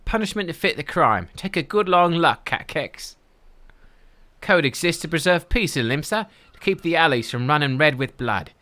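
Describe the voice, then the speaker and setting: A man's voice: a little high, animated, normal speed, sharp tone, voice pushed up. A man doing a stern female rogue enforcer.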